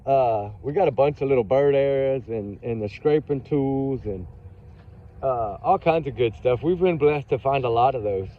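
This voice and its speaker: A man's voice: mid-range voice, moderate pace. Rambling Texan man outdoors, tinny sound. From Texas. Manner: rambling, chatty, drifts off topic. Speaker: vlogger. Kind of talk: casual chat.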